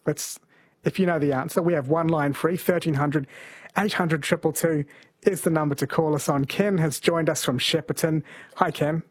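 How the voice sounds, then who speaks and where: A man hosting an overnight radio quiz in a gentle, chatty way, reading questions from a studio microphone. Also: on the high side, steady tone, moderate pace, husky, no echo. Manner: gentle, chatty, laughs easily.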